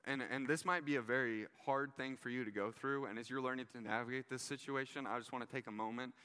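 Male pastor, casual and earnest preaching, bright voice, reverberant hall. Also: mid-range voice, steady tone, quick pace, clear, resonant tone. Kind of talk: sermon.

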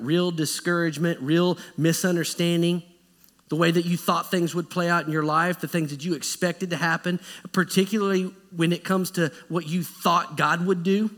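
A man preaching a sermon as pastor, in a conversational, animated style that acts out quotes. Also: a little high. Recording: echoey church hall.

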